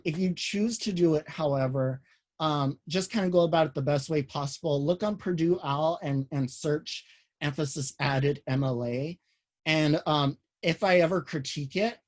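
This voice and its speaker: Male instructor, higher voice, relaxed online lecture delivery, lots of fillers, heard through a computer mic. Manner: casual, many "um"s and restarts, explains step by step. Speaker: college writing instructor.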